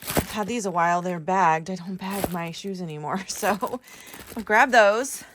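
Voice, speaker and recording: A woman's voice: fairly low pitch, measured pace, a bit bright. A middle-aged woman chatting casually to viewers while walking around her storage area, hunting through shelves and bins. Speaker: reseller vlogger. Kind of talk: casual work-with-me vlog narration.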